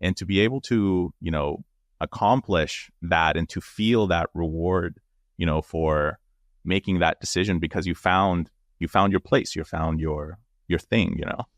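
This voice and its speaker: A man's voice: low-pitched, measured pace, no room sound, studio quality. A man hosting a podcast interview, reflecting and encouraging his guest. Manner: encouraging, reflective, with short affirmations. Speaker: podcast host. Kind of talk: interview conversation.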